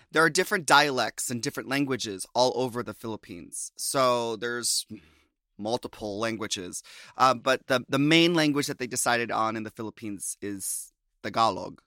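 A podcast host from Minnesota, USA, chats casually in a medium-pitched voice, laughing often and throwing in animated asides. The sound is clean studio quality with no echo.

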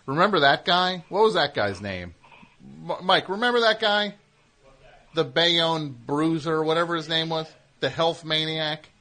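Pushed and bright, this man's animated voice sits on the high side as he hosts a call-in radio program. He needles callers, rambles through stories, and volleys lines quickly over the radio broadcast.

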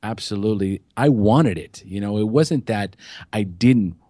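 A man with a fairly low voice tells his recovery story as a podcast guest, earnest and emotional, swearing freely. The sound is dry and close, with no room around him. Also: unhurried, mellow, no room sound.

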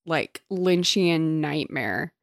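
Wry low-voiced woman, dry recording. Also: lively intonation, drawn-out words, no echo. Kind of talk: casual book discussion.

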